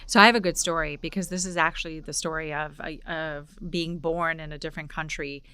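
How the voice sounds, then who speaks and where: A woman in her forties from Poland, hosting a podcast and telling a personal story in a lively way, acting out the dialogue. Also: low-pitched, fairly quick, clear, resonant tone, no room sound. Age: 40s. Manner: animated storyteller, acts out dialogue. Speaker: podcast host. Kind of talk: casual interview storytelling.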